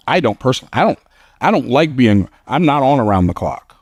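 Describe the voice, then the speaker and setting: A man's voice: medium pitch, animated, fast, a little mellow, no room sound, clean studio sound. A man giving a motivational speech to a live audience, telling stories in an emphatic, conversational way and laughing at his own lines. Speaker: motivational speaker.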